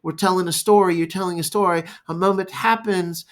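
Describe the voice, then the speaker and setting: A man's voice: sits high, fairly even intonation. Reflective male therapist thinking aloud. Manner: reflective, improvising, halting. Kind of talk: unscripted talking-head monologue.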